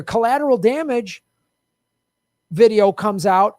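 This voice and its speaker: Animated indignant man, dry close mic. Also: sits high, moderate pace, no echo. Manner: animated, indignant, mocking voices in quotes. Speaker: podcast host. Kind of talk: casual political chat.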